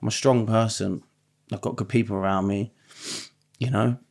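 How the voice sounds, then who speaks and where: A man, a podcast guest, talking in a halting, tearful way that trails off into near-silence. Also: lowish voice, steady tone, vocal fry, darkish tone. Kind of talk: emotional podcast conversation.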